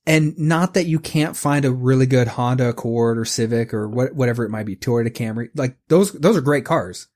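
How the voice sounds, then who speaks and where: A man's voice: mid-range voice, darkish tone. A man in his forties co-hosting a podcast, rambling and ranting with lots of swearing. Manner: rambling, profane ranting, quick restarts. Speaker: podcast co-host. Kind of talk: casual podcast chat.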